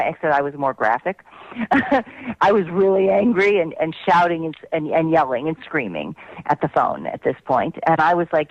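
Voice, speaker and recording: A woman guest telling an emphatic, animated story over the phone, with many restarts. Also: low voice, normal speed, no echo. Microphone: telephone. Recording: muffled phone line.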